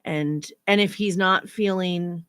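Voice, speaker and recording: A woman's voice: fairly low pitch, steady tone, slow pace, a bit bright, smooth, no echo. A woman in her thirties co-hosting a podcast, chatting casually and offering supportive advice. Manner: supportive, agreeing often. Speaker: podcast co-host. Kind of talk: casual chat.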